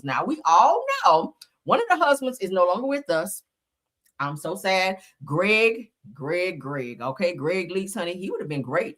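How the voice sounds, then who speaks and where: A woman chats through live-stream gossip commentary in a dramatic, profane way. Her voice sits on the low side yet swoops up and down with a great deal of animation. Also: fairly bright tone.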